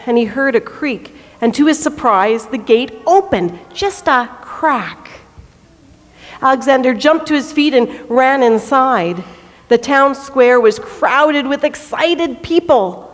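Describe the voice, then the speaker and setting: Woman reading a story in a church. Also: a little high. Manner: slow, deliberate storytelling. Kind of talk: reading a children's story aloud. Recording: echoey church hall.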